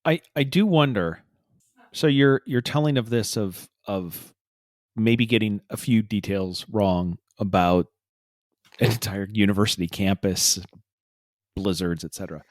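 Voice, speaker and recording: A man's voice: fairly low pitch, unhurried. A man hosting a podcast, who tells a long story in a hesitant, rambling way full of uhs. The sound is dry and close, with no room echo. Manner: rambling, hesitant, with many filler uhs and restarts. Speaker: podcast host. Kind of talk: casual chat, storytelling.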